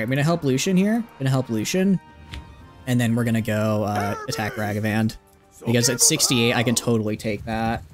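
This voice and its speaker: A man in the middle of a live stream, commenting on his game in a loose, joking, rambling way. His voice sits at an ordinary mid pitch and he leans on "like" a lot. Faint game music plays quietly behind him. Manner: playful, rambling, lots of "like" fillers. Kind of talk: casual live gameplay commentary.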